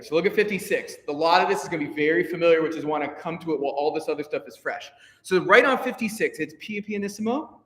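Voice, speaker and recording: High-voiced man conducting a choir rehearsal. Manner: energetic, encouraging, counts in beats. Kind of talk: rehearsal instruction. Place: rehearsal room with a piano. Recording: echoey hall with piano.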